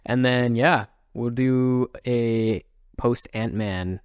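A man's voice: mid-range voice, slow pace, smooth, dry recording. A man co-hosting a podcast, chatting casually, upbeat and often laughing. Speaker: podcast co-host. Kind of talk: casual chat.

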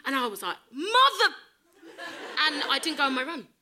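A woman telling comic stories on stage, animated and swearing as she acts out both sides of the conversation. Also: high-pitched, rapid-fire. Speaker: guest. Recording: live stage recording with loud noise.

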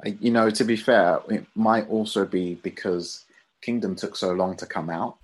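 A man in casual conversation, easygoing and quick to laugh, explaining his view at length. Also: lowish voice, fairly even intonation, slightly rough. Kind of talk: casual chat.

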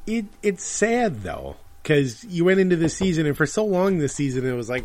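A man co-hosting a casual sports podcast, making deadpan quips. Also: mid-range voice, moderate pace. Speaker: podcast co-host.

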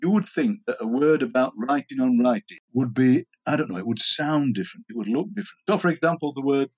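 Yorkshire guy telling stories on a podcast, bit husky, loves his words. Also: medium pitch, fast talker, highs cut off. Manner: animated storyteller, playful with words. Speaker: guest. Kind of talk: casual conversation.

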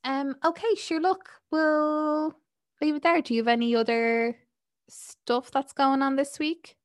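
A woman's voice: sits high, fairly even intonation, a little slow, no room sound, clean studio sound. A woman from Ireland co-hosting a podcast, chatting casually with lots of fillers and some swearing. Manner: rambling with many fillers and swearing. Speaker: podcast co-host. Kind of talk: casual chat.

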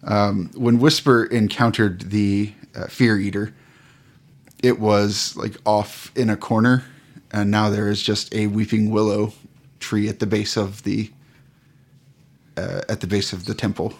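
A man narrating a tabletop game as game master, unhurried and halting, with many fillers. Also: fairly low pitch, level tone.

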